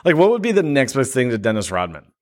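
A man's voice: mid-range voice, very animated, quick pace. A middle-aged man, a podcast co-host, in casual joking banter. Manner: jokey, drifts into mock accents.

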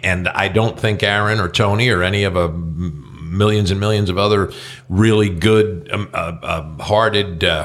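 A man's voice: fairly low pitch, a bit bright. A man co-hosting a casual political talk show, blunt and swearing freely, trailing off into restarts. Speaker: podcast co-host.

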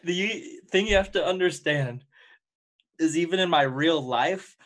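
A man's voice: fairly high pitch, unhurried, fairly bright tone. A young man on a casual podcast who stumbles through his words. He is awkward and hesitant and breaks into laughter a lot. He is speaking into a USB mic. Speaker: podcast co-host. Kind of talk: casual chat.

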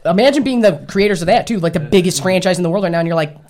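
A woman co-hosting a casual podcast, talking fast with a slightly low voice. She tells stories with excited, profane enthusiasm. The chat is loose and friendly. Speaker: podcast co-host.

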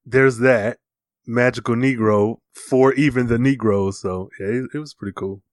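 A man's voice: medium pitch, moderate pace, no room sound, clean studio sound. Laid-back male podcast co-host. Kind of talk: casual movie discussion.

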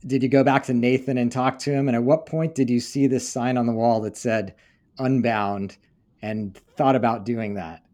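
A man's voice: medium pitch, fairly even intonation, moderate pace, a little mellow. A man hosting a podcast, asking curious, long questions in a casual interview. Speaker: podcast host.

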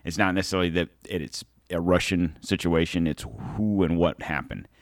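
A man's voice: deep voice, fairly even intonation, a little fast, no echo. A man hosting his own show, delivering a rambling, heated and sarcastic political commentary monologue. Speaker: show host.

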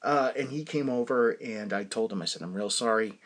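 A man casually telling a personal story to his audience, rambling and halting with frequent restarts and fillers. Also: fairly low pitch.

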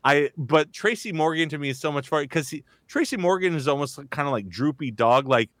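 A man's voice: a little high, lively intonation, a little fast, a bit bright, no room sound, studio quality. A man hosting a casual chat, rambling with constant fillers and restarts. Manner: rambling, heavy use of "like", restarts. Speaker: host, voice actor.

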